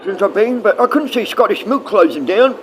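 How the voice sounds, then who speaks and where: A man's voice: high-pitched, expressive, a little fast, fairly bright tone, slight background noise. A middle-aged man livestreaming, rambling and swearing casually as he answers his viewers.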